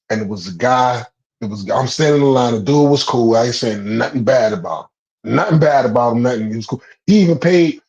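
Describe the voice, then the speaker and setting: A man telling stories in a casual, profane chat, animated and laughing often. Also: mid-range voice, highs cut off.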